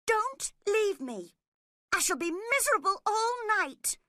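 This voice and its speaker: A woman's voice: big pitch swings, slow pace, bright, forceful tone, no room sound, studio quality, exaggerated voice. A woman voicing a spoiled, hot-tempered young woman who speaks crossly and sharply. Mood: furious. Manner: cross and shrill.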